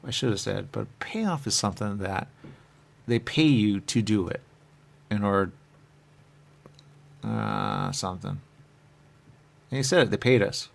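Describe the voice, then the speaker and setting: Gravelly and full of big pitch swings, a man's voice tells a first-person tale as a dead spirit. He wanders and falters, slipping into fillers, and shoots up to high voices for anything he quotes.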